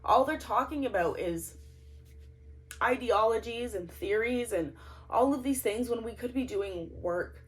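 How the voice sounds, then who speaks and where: A woman's voice: a little high, measured pace. A woman in her thirties vents straight into her camera, indignant and ranting, her voice swinging sharply up and down as she talks. She has no proper microphone and records in a cramped closet at home. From Canada. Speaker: political vlogger. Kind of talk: emotional monologue to camera. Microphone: no microphone, camera's built-in mic.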